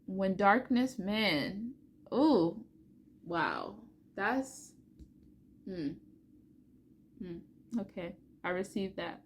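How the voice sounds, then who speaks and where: A woman's voice: medium pitch, animated, very slow, pauses often. A young woman vlogging casually, earnest and chatty with many fillers, reading aloud from oracle cards. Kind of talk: casual spiritual vlog with card reading.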